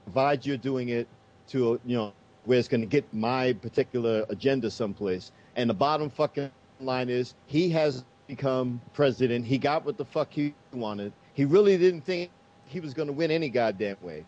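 An American talk show host launches into a heated, profane political rant with emphatic force. His voice is mid-range and a little mellow, paced moderately, and the sound is dull and lo-fi.

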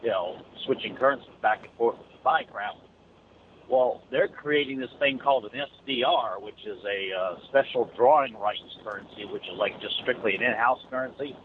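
A man's voice: mid-range voice, normal speed. A man chatting casually on a call, rambling and restarting his sentences often. His voice comes through a narrow, tinny phone line. A faint hiss sits behind him. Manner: rambling, many restarts and stammers. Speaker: truck driver calling in. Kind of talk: casual chat.

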